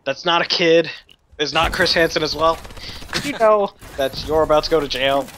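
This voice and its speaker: A man's voice: fairly high pitch, normal speed, bright, forceful tone. Smug TV host, put on by a man; mock-solemn and self-important, over noise. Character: smug male TV sting host, grown man.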